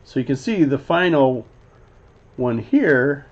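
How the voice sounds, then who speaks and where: A man casually breaking down an animated scene as a teacher, rambling with lots of fillers and now and then voicing the characters' lines. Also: mid-range voice, slow. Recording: slightly dull lo-fi audio with faint background noise.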